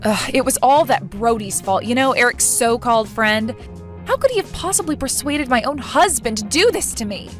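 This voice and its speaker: A woman voicing an outraged young bride, with soft music under her. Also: on the high side, expressive, moderate pace, lightly acted. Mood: furious. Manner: indignant, accusing. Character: young bride, humiliated and furious. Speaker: voice actor in a story video. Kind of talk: scripted voice acting. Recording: faint background music.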